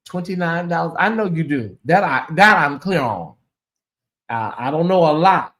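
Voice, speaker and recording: Man, high voice, sleepy livestream host, chatty and emotional with viewers. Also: animated, unhurried, a bit bright. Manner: chatty, emotional, thanking donors by name. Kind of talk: casual livestream chat.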